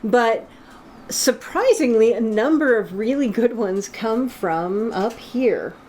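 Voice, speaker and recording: A woman's voice: on the high side, animated, takes it slowly, darkish tone, slight background noise, poor audio. A woman co-hosting a casual chat, explaining things in a knowledgeable way with frequent ums. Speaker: absinthe expert co-host.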